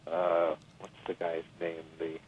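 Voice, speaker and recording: A middle-aged man, a guest musician, telling a story in a casual interview, animated and full of restarts and asides. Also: low-pitched, unhurried, a little hiss or hum. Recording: dry tinny phone line.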